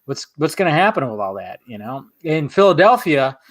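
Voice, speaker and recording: Guy on a live stream going off, swearing a lot, kinda high voice. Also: big pitch swings, brisk. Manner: profane, heated ranting. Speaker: host. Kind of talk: casual live stream chat.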